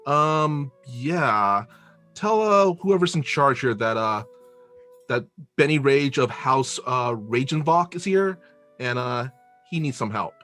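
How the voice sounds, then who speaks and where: A man playing a tabletop game who talks in a relaxed, rambling way and trips over his words. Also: medium pitch, slow, soft background music. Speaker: player. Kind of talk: casual tabletop game play.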